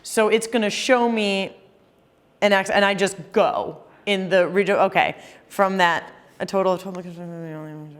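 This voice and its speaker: A woman's voice: medium pitch, fairly even intonation, normal speed. A young woman competing on a comedy game show, chatty and bubbly, rambling as she goes. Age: young adult. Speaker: contestant.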